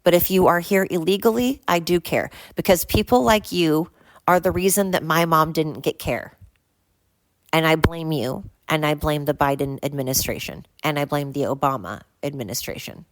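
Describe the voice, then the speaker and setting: A woman's voice: low-pitched, normal speed. An older woman hosting a solo podcast, ranting bluntly and swearing often as she talks. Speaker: podcast host.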